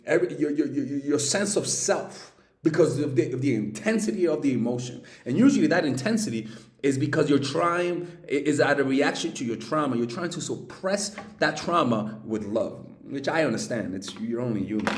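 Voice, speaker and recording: A young man giving dating advice in a casual vlog, animated and profane, with many restarts. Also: medium pitch, normal speed, roomy sound. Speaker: dating coach.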